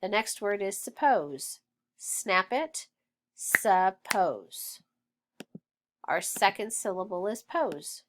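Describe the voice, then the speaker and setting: A woman teaching phonics, who sounds out words slowly and patiently and praises the learner. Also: medium pitch, very animated, slight background noise. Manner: patient, encouraging, stretches sounds out. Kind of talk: slow, clear phonics drill.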